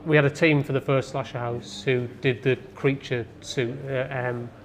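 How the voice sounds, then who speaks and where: A man's voice: mid-range voice, level tone, normal speed. A man, an independent filmmaker, talking casually in an interview with many hesitant ums.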